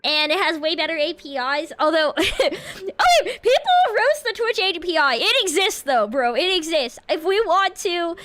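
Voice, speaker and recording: High, bright, giggly woman streamer. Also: lively intonation, moderate pace. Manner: bubbly, giggly, meows and playful noises between greetings. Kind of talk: casual livestream chat greeting viewers.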